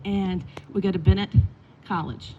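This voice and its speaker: A middle-aged woman coach tells stories at a memorial in a lively, animated way. She acts out what people said to her as she goes. Her voice sits mid-range, with a faint hum of noise behind it. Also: mid-range voice, normal speed, muffled recording. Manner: animated storytelling with acted quotes. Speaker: basketball coach. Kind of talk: eulogy with storytelling. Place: indoors at a funeral gathering.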